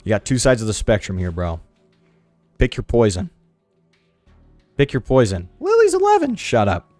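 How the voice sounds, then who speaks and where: A young man with a sore throat giving slangy, excitable commentary while playing a video game. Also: fairly low pitch, moderate pace, dry recording, soft background music. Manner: slangy, excitable, lots of "dude" and "bro". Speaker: gaming video host.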